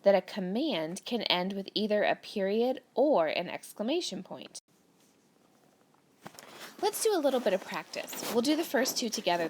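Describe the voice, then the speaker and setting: This recorded grammar lesson for children features a woman teacher with a medium-pitched voice who patiently guides young students through a worksheet. She reads each sentence aloud and explains every step, with a slight hiss or hum in the audio.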